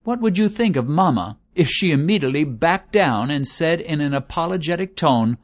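A man preaching a sermon, earnest and measured. His voice sits a little higher than most men's, and he slows right down to lean on each word in a list. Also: expressive. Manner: measured, earnest preaching with slowed emphatic lists.

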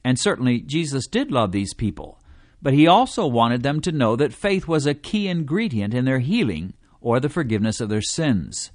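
A man reading a devotional teaching in a measured way, slowing down to stress quoted scripture. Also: mid-range voice, big pitch swings, dry recording, clean studio sound. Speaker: preacher.

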